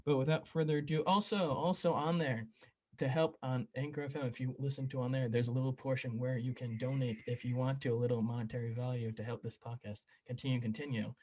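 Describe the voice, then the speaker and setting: A man's voice: medium pitch, fairly even intonation, quick pace, darkish tone. Young man hosting a loose podcast. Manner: rambling, swears casually, jokey. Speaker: podcast host. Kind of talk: casual podcast chat.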